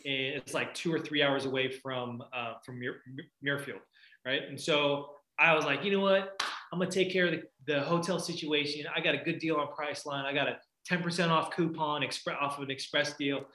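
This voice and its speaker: A man's voice: on the high side, steady tone, fairly quick, sharp tone, reverberant, poor audio. A man, a touring golfer, telling a laid-back story in a casual chat with frequent laughs. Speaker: guest golfer.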